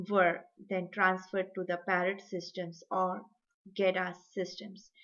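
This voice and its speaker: A woman's voice: mid-range voice, a bit bright, muffled recording. Woman reading a class presentation. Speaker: student presenter.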